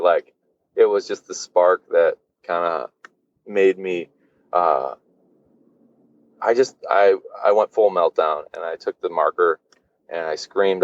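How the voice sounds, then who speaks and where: A man's voice: low voice, no room sound, muffled recording. A man guesting on a podcast, telling a personal story casually, with lots of fillers and swearing. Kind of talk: candid storytelling.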